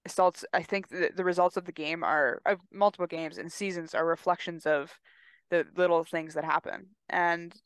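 A woman's voice: on the low side, steady tone, moderate pace, clean tone, no echo. A woman co-hosting a sports podcast, talking candidly and reflectively in casual chat, swearing casually. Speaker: podcast co-host and athlete.

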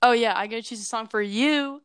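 A young woman co-hosting a comedy podcast, chatting and belting out bits of songs. Her voice sits a little high, and she laughs at her own slip-ups. The sound is dry and close to the mic. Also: fairly quick, a bit bright, smooth, no room sound. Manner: giggly, self-deprecating, sings loosely from lyrics. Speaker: podcast co-host. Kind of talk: casual comedic podcast chat and off-key singing.

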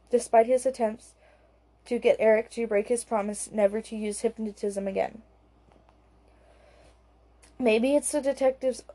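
Mellow woman narrating a thriller audiobook. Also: a little high. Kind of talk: scripted narration.

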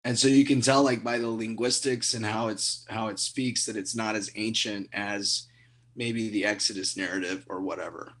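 Lower-voiced man hosting a podcast, casual. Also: fairly even intonation, a bit bright. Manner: conversational, halting, with many fillers. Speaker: podcast host. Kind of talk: podcast interview.

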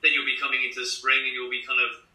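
A man's voice: mid-range voice, monotone, rapid-fire, pushed and bright. A man in his thirties from Scotland, chatting as a runner guest in an interview over a video call, laughing easily. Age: 30s. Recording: roomy and distant video call.

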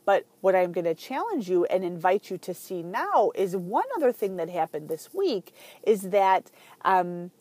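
A woman hosting a podcast, telling a story in a chatty, animated way with lots of fillers. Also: mid-range voice, breathy edge, no echo. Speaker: podcast host. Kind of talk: casual podcast monologue.

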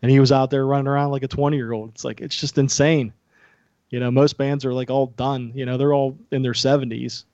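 A man from Pittsburgh, a podcast guest, talking in a relaxed, easygoing way in casual chat. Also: mid-range voice, a little fast, no room sound, lo-fi sound. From Pittsburgh, Pennsylvania. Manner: relaxed, easygoing, trailing fillers.

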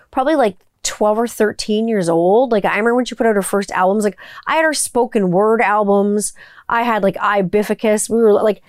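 A woman in her forties talks in a loose, rambling way, piling up fillers and cheerful swearing as she tells stories. Her pitch sits in the ordinary middle for a woman. The sound is dry and close, with no room behind it. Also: dry recording. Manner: chatty, rambling storyteller who swears freely. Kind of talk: casual chat.

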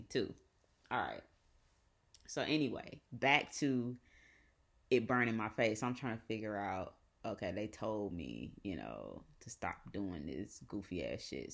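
A woman with a Southern US accent, hosting a podcast and telling a personal story in a profane, animated way with repeated phrases. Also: rumbling low. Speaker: podcast host. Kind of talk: casual storytelling.

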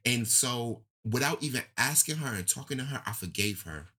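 A man speaks at a moderate pace with a breathy edge, telling a story candidly and emotionally in casual conversation. His pitch swings lively, rising and falling as the tale unfolds.

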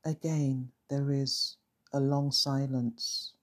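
Slow, husky storyteller. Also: medium pitch, level tone. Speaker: narrator. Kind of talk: first-person story narration.

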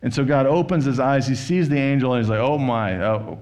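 A male pastor giving a sermon, retelling and reading a scripture story in a relaxed, conversational manner. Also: medium pitch, quick pace. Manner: conversational storytelling, paraphrasing scripture with quoted voices.

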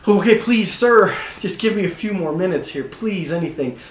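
A man voicing a desperate male debtor who pleads, hurried and begging, for a little more time. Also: fairly high pitch, a bit bright, echoey room, close to an everyday voice. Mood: pleading.

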